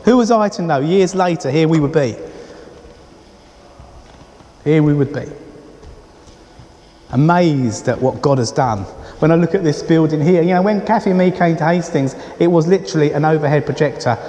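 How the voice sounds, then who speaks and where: Guy preaching in church, fairly high voice, long echo, chatty asides. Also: brisk, warm tone. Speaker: pastor. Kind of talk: sermon. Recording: reverberant church hall.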